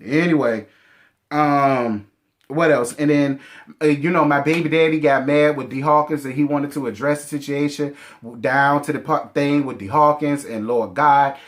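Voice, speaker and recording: A man in his thirties with a sassy, animated manner and heavy slang, reviewing a reality show in casual chat. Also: a little high, normal speed.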